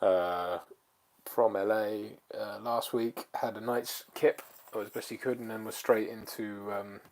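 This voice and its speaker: A man's voice: lowish voice, unhurried. Laid-back man chatting on a livestream. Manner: relaxed, rambling, many fillers. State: a bit lethargic. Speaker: channel co-host. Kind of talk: casual livestream chat.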